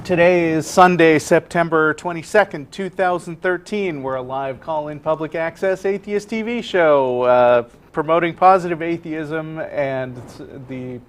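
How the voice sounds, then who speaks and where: A man co-hosting a live call-in TV show in a studio, talking in a relaxed, hesitant way with many fillers. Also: fairly high pitch, measured pace, few pauses, clear, resonant tone. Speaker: co-host. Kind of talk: casual chat.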